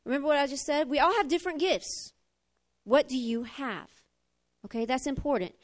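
A middle-aged woman preaching a sermon, animated, swinging from emphatic fire down to quiet talk. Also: moderate pace. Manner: animated, rising to emphatic fire then dropping low.

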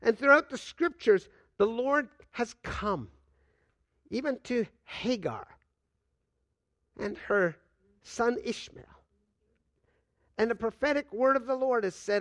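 An older man preaching a sermon as a pastor, swinging between loud and hushed delivery and acting out quoted dialogue. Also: very high voice, measured pace, pauses often, dry recording. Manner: acts out dialogue with God in quoted voices.

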